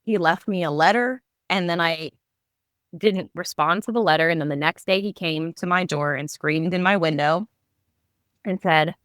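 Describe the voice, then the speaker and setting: A woman's voice: fairly low pitch, moderate pace, a bit bright, no room sound, studio quality. A woman in her thirties, a podcast guest, telling a personal story candidly and vividly, with lots of "like" fillers. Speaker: guest, psychic medium and artist.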